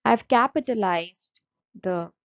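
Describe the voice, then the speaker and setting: A woman's voice: medium pitch, takes it slowly, no room sound. A woman teaching a slide-based literature lesson, patient and methodical, repeating key terms and spelling out each syllable. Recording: dull lo-fi dry recording.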